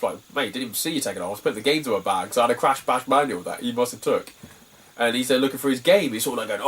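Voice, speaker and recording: A man's voice: medium pitch, expressive, rapid-fire, slightly rough, distant mic. A young British man chatting casually about his game finds, rambling and laughing often. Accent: British English. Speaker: retro game collector vlogger. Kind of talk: casual chat.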